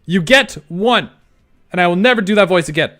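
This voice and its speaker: A man's voice: high voice, animated, a little fast, fairly bright tone, soft background music. A young man streaming live, chatting casually in a self-deprecating way and often restarting his sentences. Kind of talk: casual livestream chat.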